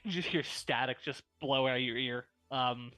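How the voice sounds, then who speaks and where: A man narrating as game master, chatty and relaxed, with a lot of filler words. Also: medium pitch, normal speed, no room sound, faint music behind.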